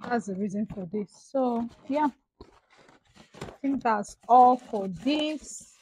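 In a rough recording with slight background noise, a young woman with a Nigerian accent chats casually through an unboxing vlog, excitably gushing about what she bought. Her voice is a little high, and she talks slowly with long pauses.

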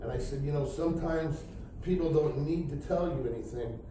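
A man's voice: fairly high pitch, brisk. A middle-aged man giving a spoken testimony at a night church service, telling his story loosely and acting out what people said. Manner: rambling storyteller who acts out quoted speech. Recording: echoey church hall from far off, faint hiss.

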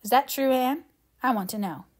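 A woman voices an eager, excitable little boy who loves mud, pitching her voice higher to sound boyish. Her delivery is chatty and boastful, at a normal speed.

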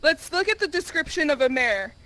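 A woman playing a VR ghost-hunting game with a friend, chatting playfully and shouting in tense moments. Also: sits high, big pitch swings, rough recording. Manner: playful, quick to shout and laugh. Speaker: co-player. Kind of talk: casual gameplay chat.

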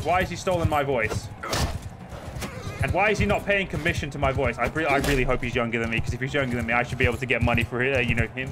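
A man streaming a game, chatting casually and swearing often, with sudden loud outbursts. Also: mid-range voice, background noise. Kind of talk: casual gameplay commentary. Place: home, seated at a desk.

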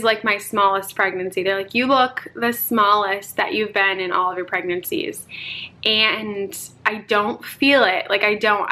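Bright chatty young mom vlogger. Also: female voice, a little high. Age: young adult. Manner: chatty, laughs often, addresses viewers as "you guys". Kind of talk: casual chat to camera.

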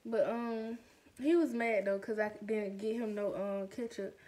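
A young woman telling a storytime vlog in a chatty, animated way, full of slangy asides. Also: medium pitch, a little slow. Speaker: vlogger.

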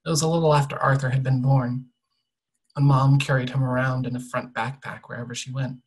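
A young adult author quietly reading an excerpt from their own novel, measured and soft, often trailing off at the ends of sentences. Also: mid-range voice, flat delivery, husky, rough recording.

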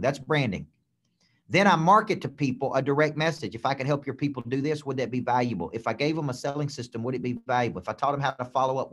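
A man who is a business coach, giving an emphatic coaching session with lots of repetition and frequent "okay?" check-ins. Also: mid-range voice.

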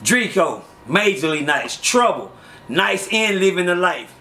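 High-voiced man telling street stories. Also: a little slow. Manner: animated, acts out quoted voices loudly. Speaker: storyteller. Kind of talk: casual storytelling.

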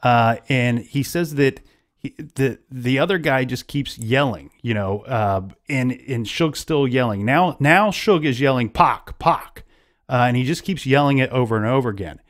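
A man's voice: medium pitch, lively intonation, normal speed. A man hosting a casual true-crime podcast, retelling events at length with frequent restarts. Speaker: podcast host.

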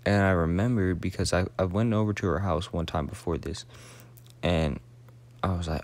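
A man's voice: low-pitched, moderate pace. A young man in his late teens telling a rambling, profane story in a casual, slangy way, sometimes dropping to a whisper.

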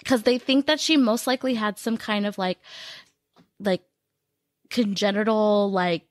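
A woman's voice: medium pitch, fairly even intonation, unhurried, no room sound. A woman podcast co-host, telling spooky movie stories in casual chat with many fillers.

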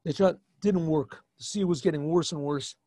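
A man, a rabbi, retelling a scripture story to his class in an animated way, often restarting and adding asides. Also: on the high side, moderate pace, no echo, studio quality. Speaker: rabbi teaching a yeshiva class. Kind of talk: informal storytelling lesson.

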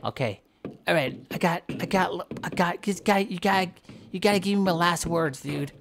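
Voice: mid-range voice, normal speed, background noise. A gameplay commentator giving playful, rambling let's-play commentary, teasing and pleading with the game as they play.

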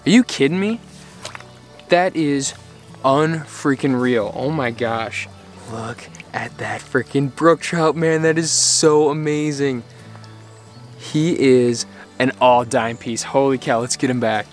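Male angler-vlogger, excitable and exclamatory, outdoors by a creek. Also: mid-range voice, slow pace, soft background music. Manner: excitable, exclaiming, laughing often. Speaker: fly fishing vlogger. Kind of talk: excited outdoor vlog commentary.

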